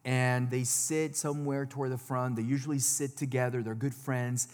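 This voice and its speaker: A man preaching a sermon to his congregation, swinging from loud exclamations to hushed asides. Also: medium pitch, level tone, moderate pace, few pauses, in a large hall. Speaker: pastor. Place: church sanctuary.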